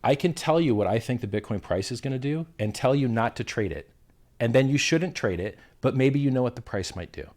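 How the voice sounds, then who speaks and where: A man's voice: mid-range voice, expressive, brisk, a little mellow. A man being interviewed on a livestream, combative and profane, who hurls insults while defending himself. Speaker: interview guest.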